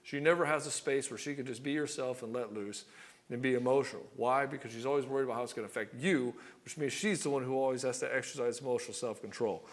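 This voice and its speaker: A man speaking fast in a mid-range voice coaches husbands about relationships while facing the camera. His talk is blunt, sprinkled with swearing, and includes short skits where he voices both partners.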